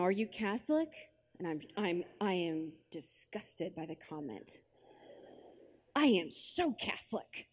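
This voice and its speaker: A young American woman giving a personal testimony at a conference, telling her story with lively acted-out asides and quotes. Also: a little high. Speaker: conference speaker. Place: large conference hall with an audience.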